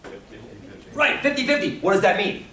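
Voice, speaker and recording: A male teacher giving a casual, animated classroom lecture, encouraging students and asking them questions. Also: sits high, fairly quick. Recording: echoey classroom from far off.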